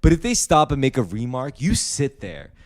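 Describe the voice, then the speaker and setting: A man's voice: mid-range voice, huge pitch swings, moderate pace, a little mellow. A man in his thirties, co-hosting a podcast, ranting bluntly in casual chat with heavy swearing. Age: 30s. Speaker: podcast co-host.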